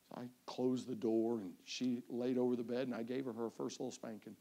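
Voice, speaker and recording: A middle-aged evangelist delivers a storytelling sermon about his family, speaking at a medium pitch, fairly quickly and with few pauses. He animates the tale by acting out voices, crying and shouting.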